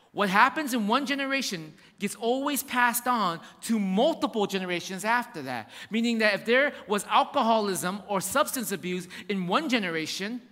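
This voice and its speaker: A man's voice: very high-pitched, sharp tone, in a large hall. A man preaching a sermon as pastor, emphatic and repetitive, addressing his church directly.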